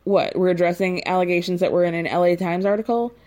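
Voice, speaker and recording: Brief: woman voicing an indignant, exasperated woman, pitched a little lower, firing off questions. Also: steady tone, fast talker, mellow, natural voice. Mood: incredulous. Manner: incredulous, indignant. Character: exasperated woman demanding answers.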